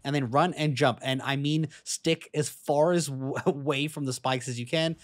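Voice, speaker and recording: A young man with a slight foreign accent giving a relaxed, chatty step-by-step game walkthrough voice-over. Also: a little high, normal speed, dry recording. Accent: non-native English accent. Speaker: gaming guide creator.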